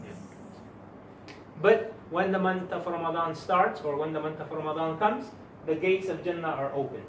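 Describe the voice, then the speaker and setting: Teaching a religious class, this Islamic teacher presses his points emphatically and keeps questioning his students. He has a fairly high pitch and a moderate pace. The mic sits far from him in an echoey room, and there's slight background noise.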